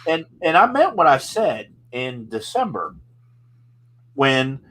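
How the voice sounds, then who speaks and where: A man's voice: medium pitch, big pitch swings, takes it slowly, a bit bright, poor audio. A man hosting a casual podcast chat, talking in an earnest, rambling way and often repeating himself. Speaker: podcast host.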